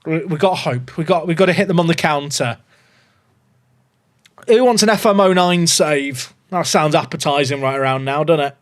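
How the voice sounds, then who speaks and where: A man in his 30s streams a game and chats with viewers, swinging between casual talk and mock panic. His voice is a little high, at normal speed.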